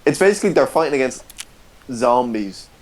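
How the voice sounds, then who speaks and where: A man's voice: medium pitch, animated, brisk, noisy background. A man co-hosting a podcast, telling movie stories with plenty of laughter and animation. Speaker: podcast co-host. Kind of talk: casual chat.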